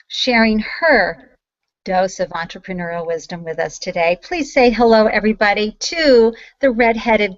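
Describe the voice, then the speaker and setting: A woman's voice: medium pitch, no room sound, highs cut off. A woman hosting an online talk show, bubbly and effusive as she introduces her guest. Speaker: host.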